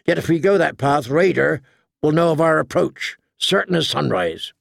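Plain, practical scout officer, slightly gravelly, as a male narrator reads him. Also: fairly high pitch, lively intonation, normal speed, no echo, studio quality, full character voice. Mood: matter-of-fact. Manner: matter-of-fact counsel.

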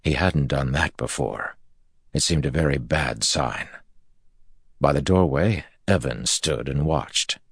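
A man narrates an audiobook in a measured, storytelling way. His voice is extremely deep and gravelly, with a husky grain, and the recording is close and dry. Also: no echo. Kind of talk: scripted narration.

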